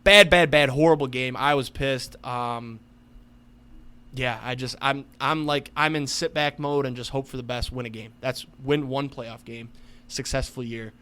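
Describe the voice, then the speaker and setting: A man's voice: mid-range voice, level tone, unhurried, a bit bright, clean tone. A young man co-hosting a casual sports podcast, ranting heatedly with lots of swearing. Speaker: podcast co-host.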